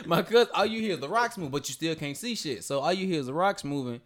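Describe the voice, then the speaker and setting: A man's voice: fairly high pitch, animated, fast, crowd noise. Dude on a podcast spinning a crazy story, cussing a lot, voice jumping way up when he acts out the quotes. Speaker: podcast host. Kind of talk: casual storytelling chat.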